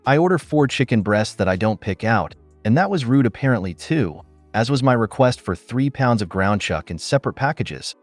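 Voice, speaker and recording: A man's voice: medium pitch, big pitch swings, moderate pace, hardly any pauses, dry recording. A man reading reddit stories aloud as the narrator, voicing every character in his own plain voice. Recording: dry close voice with faint background music.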